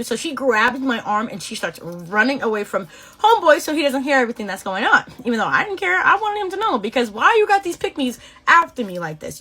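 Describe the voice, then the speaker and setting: A woman in her twenties from Boston, telling a casual storytime vlog in a sassy, slangy, animated way. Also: a little high, husky. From Boston, USA. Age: 20s. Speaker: beauty vlogger.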